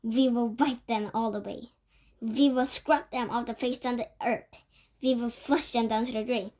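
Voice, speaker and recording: A woman voicing a domineering female witch leader, declaiming loudly and barking orders. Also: fairly high pitch, steady tone, moderate pace, lightly acted. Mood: ranting. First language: Korean.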